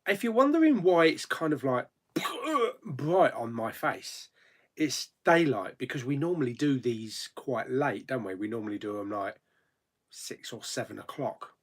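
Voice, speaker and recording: A man's voice: medium pitch, animated, measured pace. A man hosting a live chat stream, greeting viewers one by one by name in an easygoing, chatty way. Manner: easygoing, thinks aloud with ums and asides.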